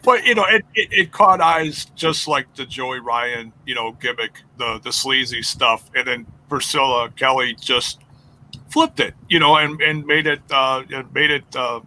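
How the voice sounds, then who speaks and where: A man co-hosting a casual chat, halting as he searches for words. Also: medium pitch, bright, forceful tone, a little hiss or hum, rough recording.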